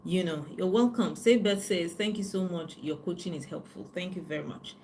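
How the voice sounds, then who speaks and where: A woman, a life coach chatting with viewers on a live stream, telling stories in an animated way. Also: on the low side, normal speed, slight background noise. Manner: chatty, animated storytelling with frequent "you know".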